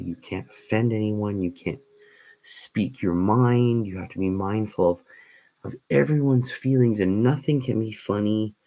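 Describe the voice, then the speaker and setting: Rambling man, slightly low voice. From Canada. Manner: casual, meandering, with many ums and restarts. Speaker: livestream host. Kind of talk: rambling livestream storytelling.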